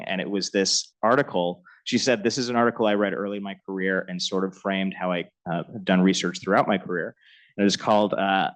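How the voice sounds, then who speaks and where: Middle-aged man, fairly low voice, storytelling at a panel, laughs often, gets emotional. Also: poor audio. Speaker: panelist at a memorial lecture. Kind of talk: emotional personal anecdote.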